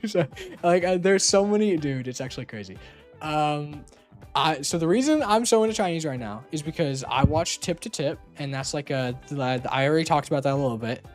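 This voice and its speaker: A young adult streamer chatting casually, teasing, laughing often and swearing freely. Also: medium pitch.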